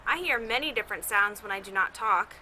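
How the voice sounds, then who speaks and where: A woman's voice: medium pitch, animated, fairly quick, bright, forceful tone, slight background noise, rough recording. A woman teacher reading a picture book aloud to children outdoors, cheerfully imitating the sounds in the story. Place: outdoors with her dog.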